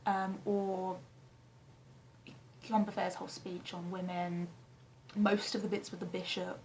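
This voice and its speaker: A young woman from England chatting casually to camera in her flat, rambling and self-deprecating with frequent ums and the odd swear word. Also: fairly low pitch, unhurried, a little hiss or hum, low-quality recording. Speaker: vlogger answering a tag questionnaire. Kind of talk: casual chat. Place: flat, indoors.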